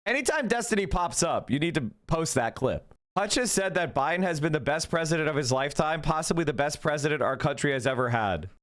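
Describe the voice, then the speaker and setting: Male streamer, casual profane rant at chat, voice a touch high. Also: a bit bright. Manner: profane, ranting, heated. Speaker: livestreamer.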